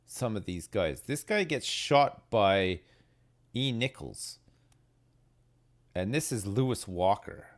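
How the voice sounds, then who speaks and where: Slow, lively-pitched man puzzling aloud. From Britain. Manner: muttering, puzzling things out, wildly swinging pitch. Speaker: streamer. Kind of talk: thinking aloud while playing a game. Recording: faint game music behind. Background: faint game music.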